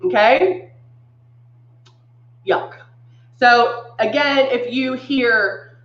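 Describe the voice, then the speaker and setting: A woman's voice: sits high, slow pace, long pauses, a bit bright, reverberant, lo-fi sound. A woman hosting a live makeup demonstration, chatting upbeat with viewers and greeting them by name, a little congested. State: congested from sinus trouble. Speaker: makeup brand live-stream host.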